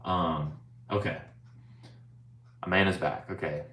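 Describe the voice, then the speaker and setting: A man's voice: low-pitched, fairly even intonation, slow pace, pushed and bright. A young man chatting casually on a live stream, rambling and swearing, often saying "bro" and reading viewer chat aloud. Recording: roomy, faint ambient noise.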